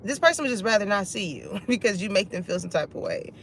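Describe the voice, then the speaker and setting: A woman's voice: medium pitch, expressive, fast, vocal fry, a little hiss or hum. Laughing casual woman reading tarot. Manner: laughs often, sings song snippets, swears casually. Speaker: tarot reader.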